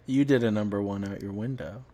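A man's voice: on the low side, brisk, noisy background. A man co-hosting a casual podcast, teasing his co-host and cracking puns.

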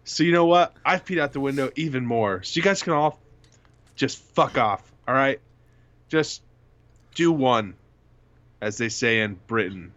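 A man's voice: mid-range voice, animated, measured pace, long pauses, a bit bright, no echo. A young man co-hosting a casual podcast, joking around and swearing freely. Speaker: podcast co-host. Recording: dull lo-fi sound.

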